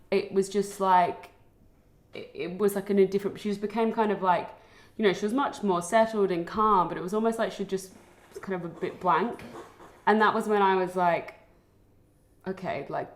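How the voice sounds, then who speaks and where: A woman's voice: medium pitch, fairly even intonation, normal speed. A woman in a casual interview, talking in a chatty way full of fillers. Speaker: interviewed friend.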